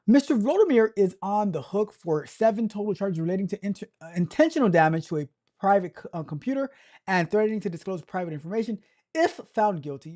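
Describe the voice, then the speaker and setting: A man's voice: high voice, sing-song, a little fast, a little mellow. Joking man hosting a tech livestream. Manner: joking, reads news aloud with stumbles and repeats. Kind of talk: casual livestream commentary.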